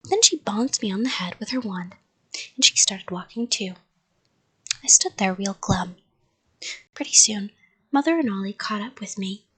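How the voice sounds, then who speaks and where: Breathy woman reading a bedtime story softly. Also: medium pitch, animated, moderate pace, pauses often. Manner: soft, half-whispered narration.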